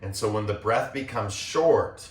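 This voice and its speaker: A man teaching a gentle yoga class, guiding calmly as he demonstrates the poses and checking in with the class as he goes. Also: lowish voice, measured pace, recorded from a distance. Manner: calm, demonstrating as he talks, checks in with "right?". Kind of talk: guided yoga class instruction. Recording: echoey room, voice off-mic.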